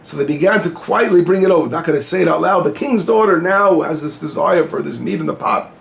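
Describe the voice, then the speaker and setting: Teaching the week's Torah portion in a relaxed lesson, this male rabbi talks fast in a somewhat high voice with vocal fry. He translates and unpacks Hebrew phrases along the way and answers the questions he raises.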